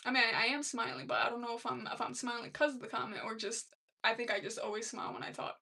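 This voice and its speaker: A woman's voice: fairly high pitch, level tone, quick pace, gravelly, pushed and bright, breathy edge, distant mic. A young woman hosting a casual live stream, chatting loosely and laughing as she reads comments aloud. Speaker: livestream host.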